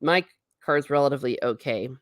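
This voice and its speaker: A woman's voice: very deep voice, fairly quick, no echo, studio quality. A woman hosting a casual livestream, chatting in a rambling way, reading viewer comments aloud and laughing often. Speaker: livestream host reading chat.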